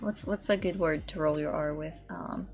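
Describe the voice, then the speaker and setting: A woman's voice: deep voice, moderate pace, a little mellow. A woman streamer chatting casually in a rambling, filler-heavy way while she paints.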